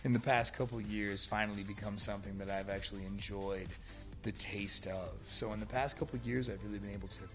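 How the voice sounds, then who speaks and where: A man's voice: fairly low pitch, fairly even intonation, over music. A man answering interview questions in casual chat, laughing easily and restarting his sentences often. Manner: laughing, halting with many restarts.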